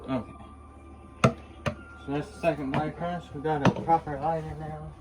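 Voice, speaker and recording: A man's voice: a little high, a little slow, loud music behind the voice. A man hosting his own cooking vlog from a home kitchen, casual and matter-of-fact with dry little jokes. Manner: relaxed, matter-of-fact, dryly joking. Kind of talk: casual chat while cooking. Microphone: fixed camera on the counter. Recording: noisy kitchen recording.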